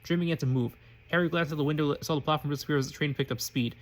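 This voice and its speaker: A man reading a fan story aloud, often stumbling and restarting mid-sentence. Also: a little high. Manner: quick reading with frequent slips and restarts. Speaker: reader.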